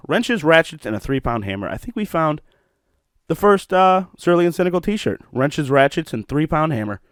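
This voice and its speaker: A young man hosting a podcast from home, telling stories in a profane, animated way with bursts of laughter. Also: fairly high pitch, normal speed, dry recording, studio quality. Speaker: podcast host. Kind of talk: solo podcast monologue.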